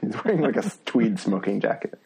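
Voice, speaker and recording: A man's voice: fairly low pitch, sing-song, a little fast, creaky, a little mellow, a little hiss or hum, rough recording. A man in casual chat, self-deprecating and rambling.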